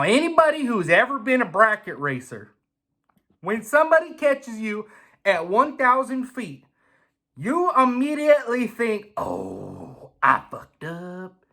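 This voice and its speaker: A man telling a comic drag racing story in a profane, animated storytelling monologue, full of imitations and bursts of shouting. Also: sits high.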